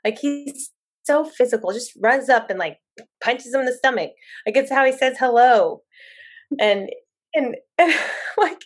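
Guesting on a podcast, a woman in her thirties who is a mother shares lively tales in relaxed talk, laughing while she reenacts what she said. Her pitch is fairly high and her pace a little slow.

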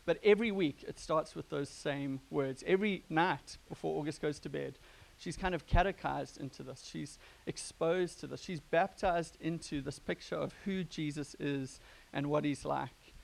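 Gravelly-voiced man preaching casually. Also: on the high side. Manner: conversational, joking with the congregation. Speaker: pastor. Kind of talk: sermon. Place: church gathering.

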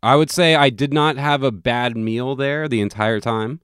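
A man's voice: mid-range voice, normal speed, fairly bright tone, smooth, no room sound, clean studio sound. A man chatting casually as a podcast co-host, rambling and profane, with lots of restarts as he tells a story. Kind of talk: casual chat.

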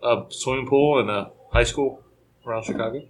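A man's voice: medium pitch, normal speed, a little hiss or hum. A man co-hosting a podcast, telling rambling, profane stories in casual chat.

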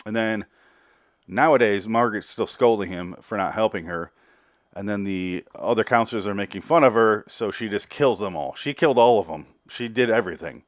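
A man's voice: fairly low pitch, moderate pace, no room sound, studio quality. A man casually recapping a TV episode, rambling with crude jokes and acted-out quotes. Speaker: TV recap commentator.

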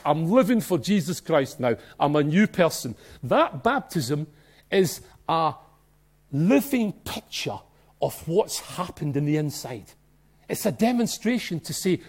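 A man with a Glasgow Scottish accent preaching a sermon in a church, emphatic and excitable, swinging between soft and loud. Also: fairly high pitch, measured pace, pauses often, slightly rough. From Scotland. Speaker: pastor.

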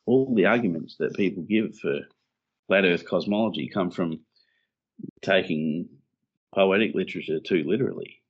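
A man's voice: low-pitched, normal speed, breathy edge. A man co-hosting a casual chat podcast about scripture, joking and chuckling through loose, rambling asides. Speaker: podcast co-host. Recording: dull lo-fi sound.

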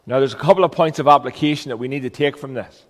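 A man's voice: medium pitch, fast, in a large hall. A man preaching a sermon as a pastor, earnest and emphatic, with rhetorical questions.

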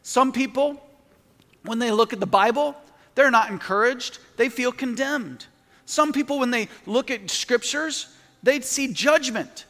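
A middle-aged pastor with a notably high voice delivers an earnest sermon, rising to emphatic peaks and slipping into spoken prayer. His words ring out with a long hall reverb in a large church. The delivery stays intent and heartfelt throughout. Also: a little slow, fairly bright tone. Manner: earnest, building to emphatic peaks, prays aloud mid-talk.

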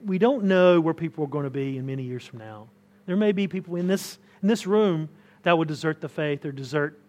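A man's voice: high voice, a little mellow. A man preaching a conversational sermon to a church congregation, often restarting words and pressing his points with rising emphasis. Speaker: pastor. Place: church hall.

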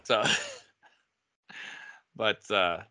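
Bright-voiced chatty man, dry sound. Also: lowish voice, steady tone, extremely slow, dry recording. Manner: laughs often, chatty and enthusiastic. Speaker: podcast co-host. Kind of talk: casual chat.

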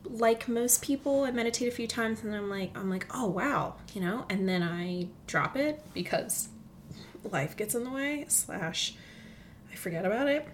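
A woman hosting a casual solo podcast from a comfy chair at home, chatty and excitable, often dropping to a near whisper. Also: a little high, moderate pace, slight background noise. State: recovering from illness, walking with a limp. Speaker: podcast host. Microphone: studio microphone.

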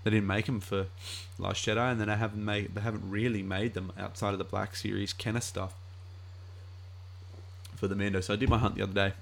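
A man's voice: on the low side, little pitch movement, brisk, vocal fry, slight background noise. A man chatting casually as a live streamer, rambling with many fillers.

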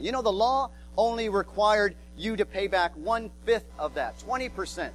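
A man's voice: high voice, moderate pace, hardly any pauses, fairly bright tone, slight background noise, rough recording. A male pastor preaching a sermon, emphatic, repeating words as he drives points home and acting out quotes.

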